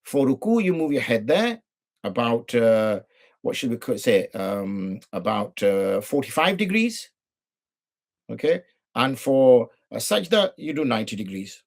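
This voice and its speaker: A man's voice: medium pitch, big pitch swings, measured pace, creaky. A middle-aged man with a British English accent, a mufti teaching religious law in an informal talk, full of rhetorical questions and mock dialogue.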